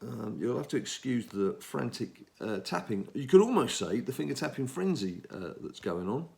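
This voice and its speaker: On his gaming channel, a middle-aged man from England offers easygoing commentary on a mobile game, talking to himself and rambling as he goes. The voice is medium-pitched and a little mellow, with lively intonation, vocal fry, and a moderate pace.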